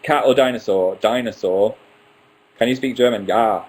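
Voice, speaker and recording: A man's voice: mid-range voice, moderate pace, husky, rough recording. A man in his twenties hosting a casual live stream, reading out viewer questions and answering them one by one with playful asides. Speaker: livestream host.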